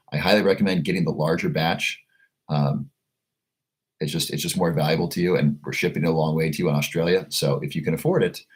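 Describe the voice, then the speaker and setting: A man's voice: extremely low pitch, darkish tone. A man hosting a casual livestream, reading out viewer comments and answering them in a chatty way, often restarting and repeating words. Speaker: livestream host selling a supplement.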